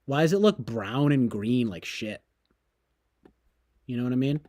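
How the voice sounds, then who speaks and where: A man's voice: medium pitch, expressive, a little slow, pauses often, a little mellow, dry recording. A man streaming, talking casually in a sarcastic, mocking and rambling way.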